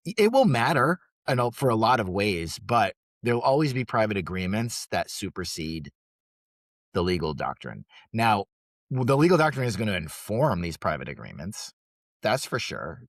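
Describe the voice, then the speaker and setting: Deep-voiced man explaining on a podcast. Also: dry recording, studio quality. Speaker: podcast co-host. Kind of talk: casual podcast discussion.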